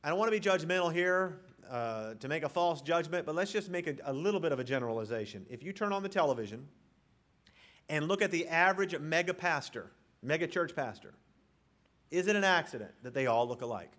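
A man's voice: a little high, animated, a little fast, a bit bright. A man preaching an expository sermon, reading scripture aloud and speaking directly to his congregation. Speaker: pastor.

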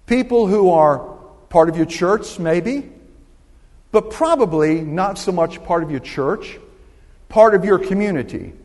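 In a church sanctuary with long hall reverb, a pastor in his sixties preaches a sermon, telling a story and drawing the congregation into call-and-response. His voice is high-pitched and a little mellow.

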